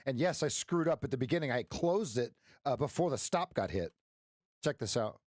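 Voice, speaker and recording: Coaching viewers through trades on a live stream, a man speaks at a moderate pace in an expressive, slightly mellow mid-range voice, captured at studio quality with no echo. He keeps things playful, cracks jokes, and throws in sound effects.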